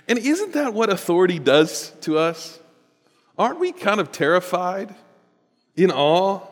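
A man preaching a sermon in a church, animated and building to emphatic bursts. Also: a little high. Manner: animated, rising to emphatic bursts, with chuckles and repetitions. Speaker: pastor. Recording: long reverb of a large hall.

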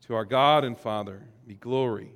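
A man's voice: mid-range voice, moderate pace, a bit bright. A male pastor preaching a sermon in a folksy, joking way, leading his congregation to repeat phrases back. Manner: folksy, jokes, leads congregation in call-and-response. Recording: long reverb of a large hall.

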